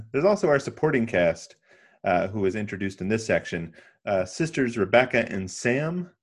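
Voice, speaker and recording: A man's voice: fairly low pitch, very animated, normal speed. A man hosting a casual podcast chat, recapping a film with frequent laughs and restarts. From lived in Western North Carolina. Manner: laughs often, rambling with restarts.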